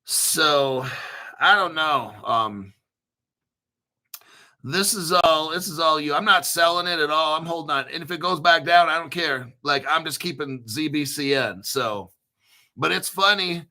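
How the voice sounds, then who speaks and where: Dude rambling on a crypto stream, laughs a lot, kinda high voice. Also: male voice, a little slow. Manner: excitable, laughing often, rambling with restarts. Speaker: crypto livestream host. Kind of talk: casual livestream commentary.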